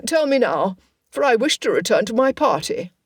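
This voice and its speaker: A woman voicing a pompous, excitable royal man with a grand, exclamatory manner, in an audiobook. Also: fairly high pitch, moderate pace, slightly rough, no echo, studio quality, voice pushed up, exaggerated voice. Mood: exuberant.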